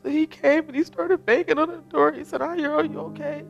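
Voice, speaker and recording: A woman's voice: high voice, fairly even intonation, fairly quick, creaky, highs cut off, soft background music. A middle-aged woman, a bereaved mother giving an emotional personal testimony, tearful, her voice rising as she tells it.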